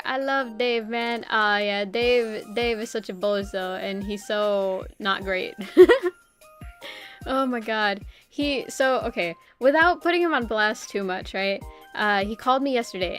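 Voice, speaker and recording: A woman's voice: mid-range voice, normal speed, a bit bright, soft background music. A young woman streamer chatting casually and rambling, with lots of "like" and frequent laughs. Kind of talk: casual live-stream chat.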